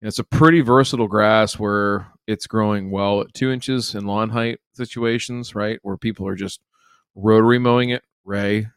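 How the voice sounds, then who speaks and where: A man hosting a casual lawn care chat, enthusiastic and quick to joke. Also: on the low side, steady tone, clear, resonant tone, no echo, clean studio sound. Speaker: podcast host.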